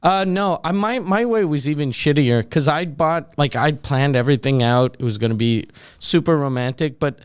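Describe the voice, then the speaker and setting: A man's voice: fairly high pitch, moderate pace, few pauses, clean tone, dry recording, clean studio sound. A man with a Québécois French accent whose first language is French, co-hosting a comedy podcast and telling crude stories with acted-out quotes. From Quebec, Canada. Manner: crude storyteller acting out quotes. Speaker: podcast co-host. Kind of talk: casual comedy chat.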